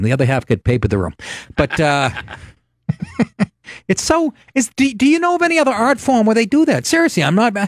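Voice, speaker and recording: Profane, sarcastic middle-aged comedian host. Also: male voice, high voice, no echo, clean studio sound. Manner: profane, sarcastic rants with frequent laughs. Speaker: host of a comedy talk show. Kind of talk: comedic radio show banter.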